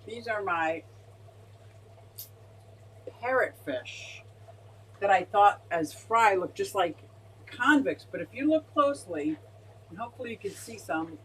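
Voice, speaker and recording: Woman streamer, excitable and gushing, casual live chat, faint background hum. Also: mid-range voice, poor audio. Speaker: aquarium fish-keeping streamer.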